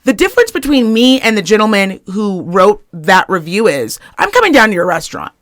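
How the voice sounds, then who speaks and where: A woman's voice: medium pitch, big pitch swings, fairly quick, no echo, studio quality. A young woman co-hosting a casual podcast, ranting with heavy swearing and acting out the people she quotes. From Reno, Nevada area. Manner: profane, heated, acts out quoted people. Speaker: podcast co-host.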